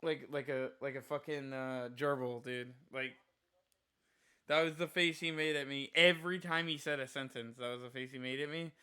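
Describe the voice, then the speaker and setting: A man streaming live rambles through a rant in a bright, sharp voice. His tone is crisp and clear, and his talk is casual and profane, laced with constant "like" fillers. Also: mid-range voice, fairly even intonation, moderate pace.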